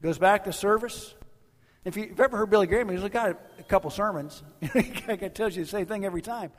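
A middle-aged man, a guest pastor, telling stories in a sermon, swinging from loud bursts to near whispers. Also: sits high, fairly quick, big-room sound. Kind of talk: sermon with altar call. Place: church sanctuary.

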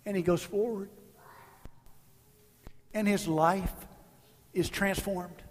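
A middle-aged man, a guest pastor, telling stories in a sermon, swinging from loud bursts to near whispers. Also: high-pitched, fairly even intonation, takes it slowly, long reverb tail. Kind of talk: sermon with altar call. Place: church sanctuary.

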